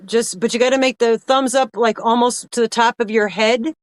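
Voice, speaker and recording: A woman's voice: a little high, fairly even intonation, moderate pace, no echo. A woman co-hosting a live stream, chatting casually in a rambling way that repeats itself. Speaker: livestream co-host.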